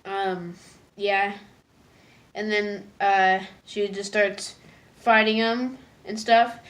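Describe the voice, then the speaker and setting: A woman casually recapping a cartoon episode, rambling with lots of "like"s and stumbling restarts, jumping into high loud voices for the characters. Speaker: episode reviewer.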